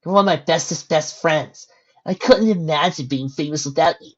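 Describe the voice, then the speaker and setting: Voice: mid-range voice, normal speed, pitched above the performer's own voice, natural voice. A reader voicing a brash, tomboyish young female pegasus in a storybook reading, on a dull lo-fi recording. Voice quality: brash, forceful.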